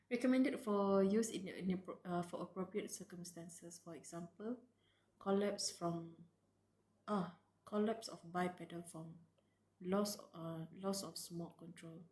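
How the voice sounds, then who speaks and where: A woman's voice: on the low side, slow pace, mellow, roomy sound. A woman streamer reading a story aloud live, tearful and reacting emotionally between read lines. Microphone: close desk mic.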